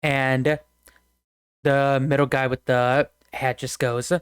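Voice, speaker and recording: A man's voice: medium pitch, level tone, slow pace, clear, resonant tone, no echo, clean studio sound. Laughing man running a tabletop game. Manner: laughs often, rambling storyteller. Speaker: game master. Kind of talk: narrating a tabletop game with character voices.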